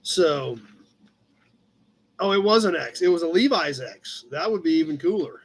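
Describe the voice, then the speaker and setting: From his shop office, a livestream host with a fairly high, husky voice runs a relaxed live chat at normal speed. He rambles chattily through old car magazine pages and keeps stopping to talk to his cat.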